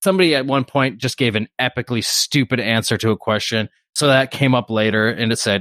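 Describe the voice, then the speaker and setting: A man co-hosting a casual podcast, his voice sitting at an ordinary middle pitch. He rambles through stories, laughs often and swears now and then. The sound is close and dry, with no room echo. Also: fairly quick, a bit bright. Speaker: podcast co-host.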